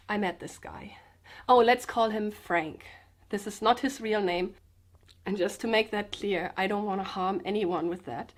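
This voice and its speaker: Woman vlogger, sick, subdued and a bit sedated, halting speech, restarts, confessional talk. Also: medium pitch. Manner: halting, hesitant, with many restarts. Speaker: comedian and vlogger. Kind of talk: personal confessional vlog. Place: indoors, sitting on the floor with pillows.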